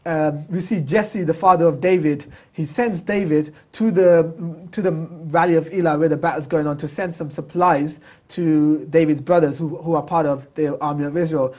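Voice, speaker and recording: A man's voice: on the high side, steady tone, normal speed, few pauses, darkish tone. A man co-hosting a casual Bible discussion, stammering and repeating words as he builds a point. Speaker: co-host.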